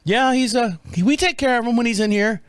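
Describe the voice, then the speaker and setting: A man voicing a friendly woman cashier, chatty and reassuring, raised a little in pitch. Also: brisk, clean tone, no room sound, studio quality. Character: friendly middle-aged woman shop cashier.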